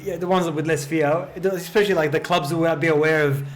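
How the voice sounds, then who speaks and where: A man co-hosting a podcast in casual sports chat, animated and rambling, laughing often. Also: fairly high pitch, brisk. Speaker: podcast co-host.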